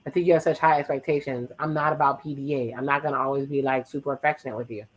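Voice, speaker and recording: A host giving casual watch-along commentary on a reality show, teasing and recapping the couples' dialogue in quick playful asides. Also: medium pitch, fairly even intonation, rough recording.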